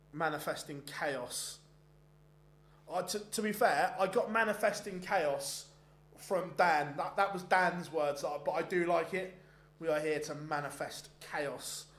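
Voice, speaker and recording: A man's voice: fairly high pitch, a bit bright. A man hosting a darts stream, chatting casually and rambling with frequent restarts between bits of live commentary. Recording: roomy echoey sound.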